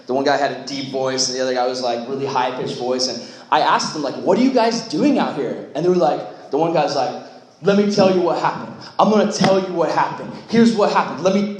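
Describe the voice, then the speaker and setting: A young adult man giving a casual, jokey youth sermon as youth pastor, acting out quotes along the way. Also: mid-range voice. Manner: chatty, jokey, acts out quotes. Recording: very echoey room.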